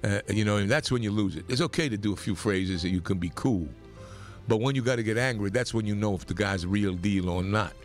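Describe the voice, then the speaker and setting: A man from New York hosting a talk radio show, delivering a rambling, opinionated monologue that gets more animated as he goes. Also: a little fast, soft background music. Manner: animated, rambling, pitch climbs when worked up.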